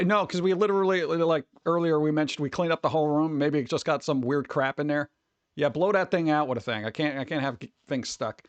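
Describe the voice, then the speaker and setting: Chill guy streamer rambling to chat, kinda high voice, says dude a lot. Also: dry recording, highs cut off. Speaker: streamer chatting with viewers. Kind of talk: casual livestream chat.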